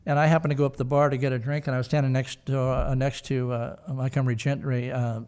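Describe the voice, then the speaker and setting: A man's voice: medium pitch, level tone, fast talker, a little mellow, clean tone. An older man, a podcast guest, telling a long story in a rambling way with lots of hesitations. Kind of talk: casual storytelling.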